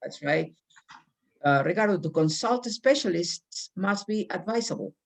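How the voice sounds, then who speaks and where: Lively-voiced woman teaching English grammar. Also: fairly low pitch, unhurried, gravelly. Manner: reads example sentences aloud and calls on students by name. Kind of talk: online English grammar class.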